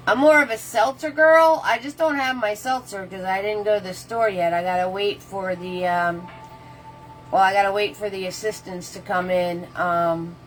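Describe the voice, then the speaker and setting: A woman with a fairly low voice, captured in poor audio, teaches a casual live painting tutorial. She chats with viewers, answers their comments as she paints, and walks them loosely through each step.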